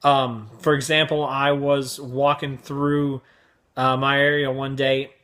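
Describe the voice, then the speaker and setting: A man's voice: mid-range voice, flat delivery, takes it slowly, fairly bright tone. A young man hosting his vlog, telling crude, exaggerated stories in a brash comedic rant. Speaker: vlog host.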